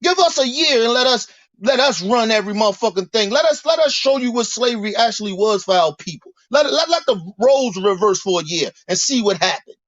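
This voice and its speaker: Angry high-voiced man ranting. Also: lively intonation, fairly quick, fairly bright tone, no echo, lo-fi sound. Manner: angry, profane, preachy, repeats words. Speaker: commentator. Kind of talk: heated monologue rant.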